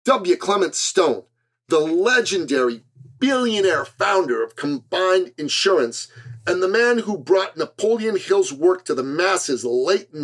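A man's voice: a little high, a bit bright. Earnest man giving a motivational monologue. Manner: earnest and emphatic, with a preacher-like build. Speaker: podcast host.

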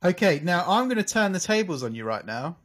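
High-voiced playful male co-host. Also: very animated, a bit bright. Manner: playful, jokey, drawn-out punchlines. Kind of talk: casual show banter.

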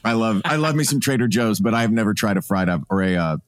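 A man's voice: fairly low pitch, lively intonation, fast, no echo, studio quality. A man co-hosting a comedy podcast, joking casually about food. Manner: playful, joking. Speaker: podcast co-host. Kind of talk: improv comedy podcast chat.

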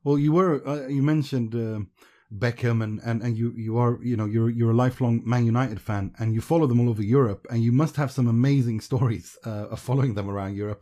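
A man's voice: mid-range voice, dark tone. Hesitant man hosting an interview. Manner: hesitant, with many fillers and restarts. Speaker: podcast host. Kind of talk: casual interview.

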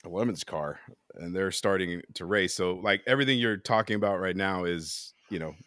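Here a man with a deep, slightly bright voice co-hosts a podcast at a moderate pace. The studio-quality recording is dry, and his casual chat wanders with many fillers and restarts.

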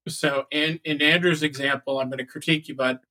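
Bright-voiced man coaching on sales calls. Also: a little high, fairly quick, rough recording. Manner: animated, acts out phone calls. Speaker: podcast co-host and sales coach. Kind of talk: casual podcast chat.

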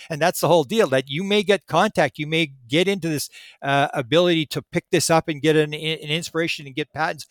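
A man's voice: on the high side, fairly quick, fairly bright tone, no room sound. A man talking as a podcast guest, explaining in a casual, rambling way with many restarts and repeated words.

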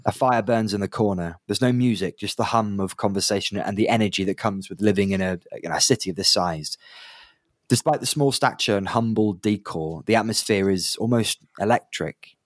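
Give me a game master rambling through scene narration, dry and close. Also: male voice, on the low side, normal speed, no echo. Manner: rambling, many fillers and restarts.

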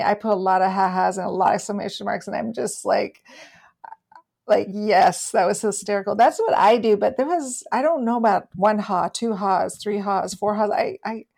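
A woman chatting casually as a podcast co-host, her voice carrying a noticeable gravelly fry. She talks chattily, tripping over restarts and laughing along as she goes. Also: medium pitch, a little mellow. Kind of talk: casual chat.

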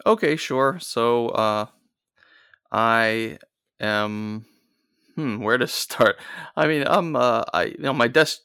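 A man talks casually as a podcast guest and hesitates often, filling pauses as he goes. His voice is very deep and gravelly, with a smooth, crisp tone in a dry room. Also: sharp tone, no echo. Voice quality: hesitant, full of fillers. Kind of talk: casual chat.

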